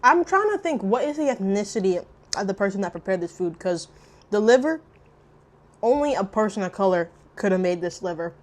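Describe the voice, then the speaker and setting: A young woman chatting casually while eating on camera, loud and profane, jumping between shrieks and low mutters. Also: expressive, a little fast. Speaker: mukbang vlogger. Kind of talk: casual eating vlog chat.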